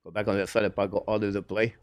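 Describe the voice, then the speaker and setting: Fast, clipped male amateur hockey caller. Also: on the low side, little pitch movement, no room sound. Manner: rapid, clipped, broken phrasing; eager, apologetic asides. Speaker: fan play-by-play commentator. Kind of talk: live amateur hockey commentary. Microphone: headphones with mic.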